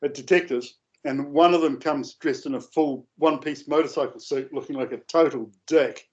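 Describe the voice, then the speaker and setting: A man telling a long, rambling anecdote in a casual, animated way, with coarse language. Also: on the high side, moderate pace. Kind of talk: casual storytelling. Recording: dull lo-fi audio.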